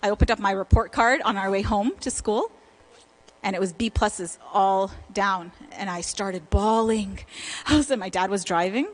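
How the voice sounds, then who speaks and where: A woman's voice: mid-range voice, moderate pace, low-quality recording. A woman leading an informal church parenting talk and answering questions in a conversational way.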